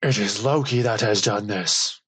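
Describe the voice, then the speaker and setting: A man doing a furious, grieving thunder god in a storybook reading, booming out each line with slow, heavy weight. The voice sits low and a bit husky, close and dry. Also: fairly bright tone, no room sound. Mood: grieving, wrathful. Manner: booming, declamatory. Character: thundering grief-stricken male god of thunder.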